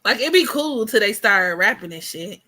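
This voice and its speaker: A woman's voice: medium pitch, lively intonation, normal speed, bright, forceful tone. An American woman in her thirties hosting a casual livestream chat, blunt, slangy and joking as she talks. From United States. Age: 30s. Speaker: host.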